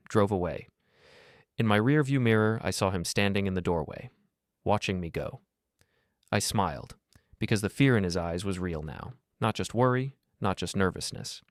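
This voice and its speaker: A middle-aged man narrating a first-person revenge story in a cold, measured, deliberate way. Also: sits low, no echo, clean studio sound.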